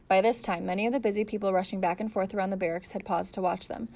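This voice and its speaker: Woman audiobook reader, steady storytelling, mid pitch. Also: fast talker, hardly any pauses. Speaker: audiobook narrator. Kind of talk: audiobook narration.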